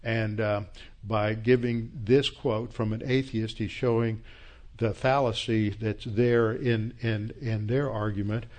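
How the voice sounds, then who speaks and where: A man's voice: fairly low pitch, fairly even intonation, slow, a little mellow. A man teaching a church Bible class in a conversational, reflective lecturing style and closing in prayer.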